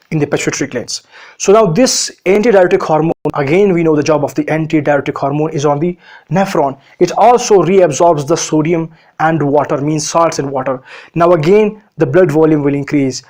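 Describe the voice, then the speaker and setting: Guy lecturing on medicine, kinda high voice, asks himself questions then answers, lots of uhs. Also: a little mellow. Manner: explanatory, asks and answers his own questions, frequent uhs. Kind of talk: recorded lecture.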